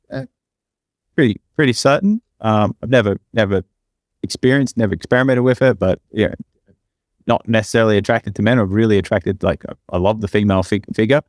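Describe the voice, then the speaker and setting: A man's voice: no room sound, clean studio sound. A young man casually telling a long personal story on a podcast, rambling and acting out the people he quotes. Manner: rambling, acts out quoted lines with big pitch jumps. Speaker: podcast co-host.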